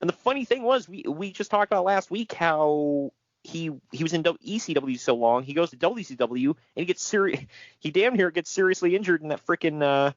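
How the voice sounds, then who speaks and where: Animated sarcastic man on a lo-fi podcast. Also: on the high side, fairly quick, no echo. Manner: animated, sarcastic, laughs often. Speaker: podcast co-host. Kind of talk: casual wrestling news chat.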